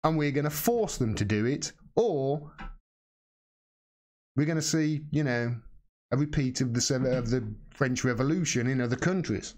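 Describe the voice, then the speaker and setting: A man's voice: mid-range voice, lively intonation, moderate pace, darkish tone. A man hosting a live stream, answering viewer questions in blunt, impassioned casual talk and swearing freely.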